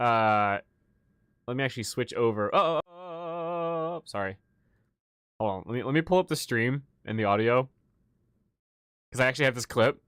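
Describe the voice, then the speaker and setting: Rambling, profane game master. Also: male voice, medium pitch, fairly bright tone, clear, resonant tone, no echo, clean studio sound. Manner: rambling, profane, frequent restarts. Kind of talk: casual livestream chat.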